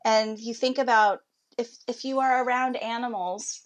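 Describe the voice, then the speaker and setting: A woman's voice: fairly high pitch, fairly even intonation, normal speed. A woman, a guest on an interview podcast, telling her story in a chatty, reflective way. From United States.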